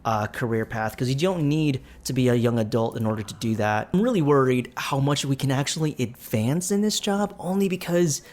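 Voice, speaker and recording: A man's voice: medium pitch, fairly quick, hardly any pauses, darkish tone. A young man hosting a let's play, chatting playfully and narrating each action he takes in a life-simulation game. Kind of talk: gameplay commentary.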